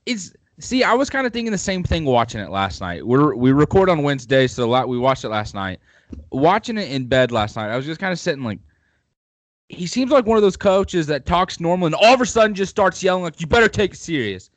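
A man's voice: fairly high pitch, big pitch swings, brisk, no echo. Man, podcast host, casual football chat, rambling, opinionated, dry close sound.

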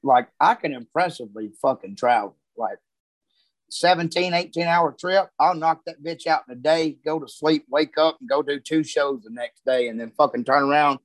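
Comedian, man, slightly high voice, dry close mic, cussing storyteller. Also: moderate pace, dry recording. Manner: profane, rambling anecdotes. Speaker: comedian guest. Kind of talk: casual storytelling chat.

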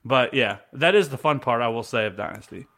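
A man co-hosting a fantasy sports podcast, talking casually with lots of swearing and animated storytelling. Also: mid-range voice, brisk. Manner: animated and profane, swears freely. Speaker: podcast co-host.

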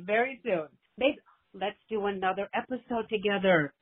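A woman's voice comes through a tinny, narrow phone line as she leaves a voicemail. She gushes and rambles warmly, like a doting mother. Her pitch sits in a middle register. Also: moderate pace, breathy edge. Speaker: caller leaving a voicemail. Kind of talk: affectionate voicemail message.

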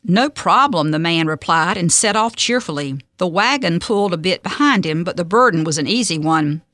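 A woman hosting a radio devotional, reading a story and scripture in a steady, measured way. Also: fairly low pitch, no room sound, clean studio sound. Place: radio studio.

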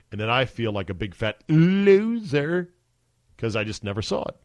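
A man's voice: mid-range voice, sing-song, normal speed, dry recording. A man hosting a podcast, talking casually and enthusiastically into a studio mic. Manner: chatty, enthusiastic, emphatic. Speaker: podcast host. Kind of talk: casual chat.

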